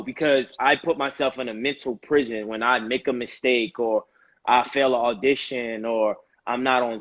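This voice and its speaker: A man, a guest on a casual live video chat, talking in an animated, reflective way. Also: medium pitch, dull audio. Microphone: video call.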